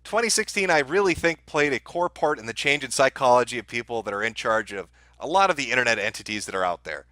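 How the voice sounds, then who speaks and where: A man's voice: medium pitch, animated, fast talker, few pauses, bright, forceful tone, no room sound. Profane, ranting male livestreamer. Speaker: livestream host. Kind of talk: heated livestream rant.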